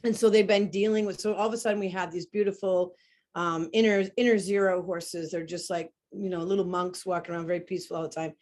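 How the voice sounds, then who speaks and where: A woman teaching about horse behavior in a webinar conversation, talking in an animated way and demonstrating sounds as she explains. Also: on the low side, fast talker.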